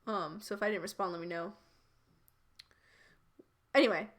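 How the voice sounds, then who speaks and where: A woman's voice: on the low side, steady tone, fast talker, a bit bright. A woman streamer reading fanfiction aloud live and chatting through it, laughing and stumbling over restarts.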